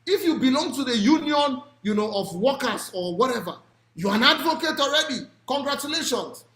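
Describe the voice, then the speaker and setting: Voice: sits high, expressive, moderate pace, fairly bright tone, reverberant. Emphatic speaker with a Nigerian accent. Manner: emphatic, with rhetorical questions and occasional raised voice. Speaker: speaker on advocacy and policy. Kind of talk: impassioned public talk.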